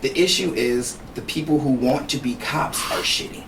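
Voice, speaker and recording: A man with an American accent co-hosting a casual podcast chat, telling profane stories with animated quotes. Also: medium pitch, gravelly, far from the mic. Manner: fast, profane storytelling with animated put-on quotes. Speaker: podcast co-host. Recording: roomy echo, off-mic, faint hiss.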